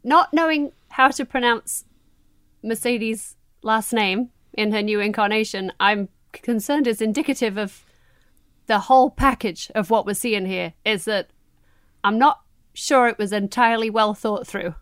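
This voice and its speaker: Chatty female podcast co-host, higher voice, dry sound. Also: a little slow, smooth, no echo. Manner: chatty, animated, laughs easily. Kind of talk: casual wrestling chat.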